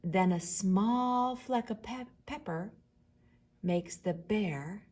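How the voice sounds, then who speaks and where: Slow husky woman reading a picture book. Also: mid-range voice. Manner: expressive, with hushed whispered refrains. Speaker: storyteller.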